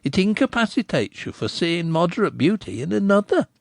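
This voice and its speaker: Flattering gossipy innkeeper, voiced by a man, lively pitch, rustic teasing speech. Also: a little fast, creaky, no echo, studio quality, exaggerated voice.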